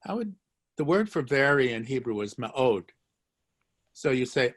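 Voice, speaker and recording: A man's voice: medium pitch, lively intonation, moderate pace. A man teaching a live online language lesson, joking, encouraging and repeating phrases for his students. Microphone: video call.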